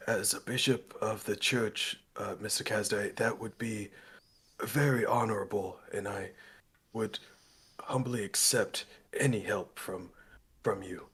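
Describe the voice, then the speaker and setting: A man voicing a polite, humble male bishop who speaks slowly and formally with pauses. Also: lowish voice, fairly bright tone, breathy edge. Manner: slow, halting, formal.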